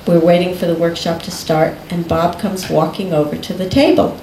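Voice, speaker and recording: A woman telling a personal story in conversation, unhurried and often breaking into laughter. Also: on the low side, little pitch movement, warm tone, slight background noise. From United States. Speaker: guest recounting a personal story. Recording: echoey room.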